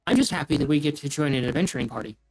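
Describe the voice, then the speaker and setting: A man's voice: a little high, rapid-fire, gravelly, a little mellow, slightly rough, faint music behind, low-quality recording. A man voicing a naive, cheerful female rat creature who talks in an eager, simple way.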